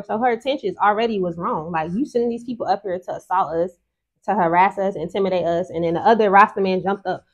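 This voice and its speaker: A woman co-hosting, retelling events in animated, emphatic casual chat. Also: mid-range voice, brisk. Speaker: co-host. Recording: slightly dull lo-fi sound.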